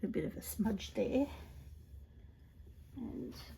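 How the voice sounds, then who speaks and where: A woman demonstrating card-making in a casual tutorial, chatting to herself as she works and often dropping into soft half-whispered asides. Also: a little high, takes it slowly, vocal fry, slightly rough. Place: indoors at a craft table.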